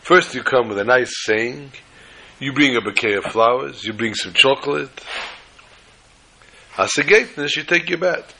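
Bright-voiced animated rabbi teaching. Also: male voice, mid-range voice, moderate pace, vocal fry, pauses often, a little hiss or hum. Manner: animated, acts out quotes, rising to loud exclamations. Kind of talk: Torah lesson with told stories.

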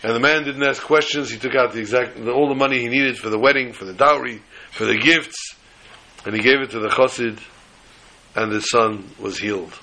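A man who teaches religion, telling a story in a sermon in an animated way. He scatters Hebrew and Yiddish terms through it. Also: mid-range voice, fairly quick, rough recording.

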